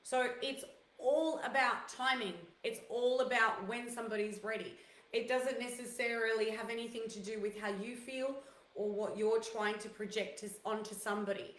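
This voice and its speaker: A woman's voice: on the high side, fairly even intonation, moderate pace, a bit bright. A woman hosting a casual chat show, talking freely and telling stories with lots of fillers and asides. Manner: chatty, storytelling with fillers and quoted asides. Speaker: host. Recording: roomy echo.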